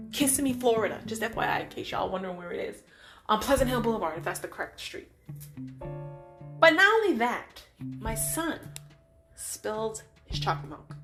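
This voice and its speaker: A woman vlogger telling an everyday story in a casual, emphatic way and acting out the voices she quotes. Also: fairly high pitch. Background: guitar music.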